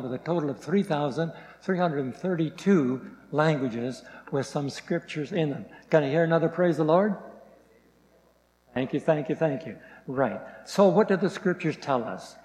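Preacher in an echoing church hall. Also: male voice, a little high, a little mellow, a little hiss or hum. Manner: reads scripture slowly with stressed words. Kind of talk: sermon.

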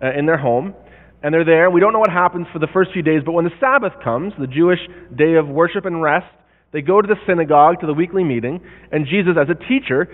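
A man's voice: fairly high pitch, quick pace. Male pastor, sermon delivery, explanatory tone that checks in with listeners; tinny phone-band sound, long reverb. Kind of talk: sermon teaching on a Bible passage.

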